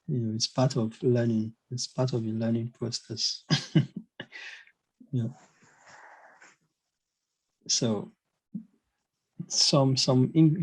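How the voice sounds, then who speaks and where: A man's voice: medium pitch, a little mellow, husky, rough recording. A man teaching a casual online language lesson, hesitant, with many fillers and restarts. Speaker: German teacher.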